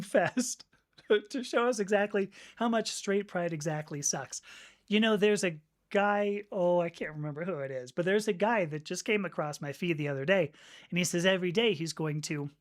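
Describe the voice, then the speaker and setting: A woman hosts a live stream in a loose, talkative way. Her voice sits at an ordinary middle pitch. She thinks aloud, circles back on her phrases and laughs softly as she answers viewers. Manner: chatty and reflective, frequent fillers and restarts, laughing along. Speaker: livestream host reading viewer comments. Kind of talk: casual live-stream chat.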